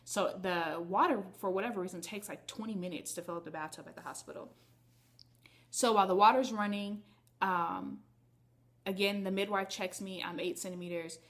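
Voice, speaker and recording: Woman vlogger chatting away, candid story to her viewers, mid pitch. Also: normal speed, fairly bright tone. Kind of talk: casual storytelling to camera.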